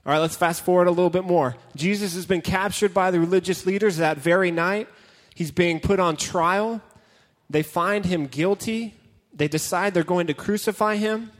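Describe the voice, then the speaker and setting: Youth preacher man, fairly high voice, playful and dramatic, reverberant hall sound. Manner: joking, dramatic storytelling, reads scripture aloud. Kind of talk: casual sermon with Bible reading.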